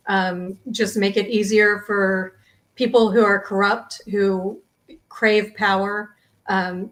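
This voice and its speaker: A woman answering game show questions over a video call, hesitant with many restarts and ums. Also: mid-range voice. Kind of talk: casual answers.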